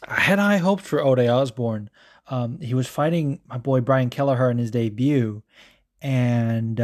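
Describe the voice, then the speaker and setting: A man's voice: medium pitch, a little slow. Hungover guy rambling thru a fight recap, swears constantly, lots of ums. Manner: profane, rambling and animated, with many fillers. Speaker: podcast host recapping fights. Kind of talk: casual chat.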